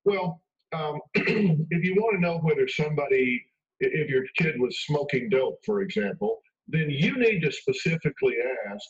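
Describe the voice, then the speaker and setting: A man's voice: on the high side, lively intonation, moderate pace. A man speaking as an expert guest in a radio interview, emphatic and conversational, acting out quoted lines. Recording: dull radio broadcast from far off.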